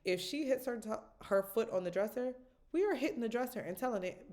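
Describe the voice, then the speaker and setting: A woman vlogging casually to camera about parenting, talking with lots of animation and often checking in with "right?". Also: moderate pace. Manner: animated, jumps into high voices quoting her daughter. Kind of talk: casual direct-to-camera vlog.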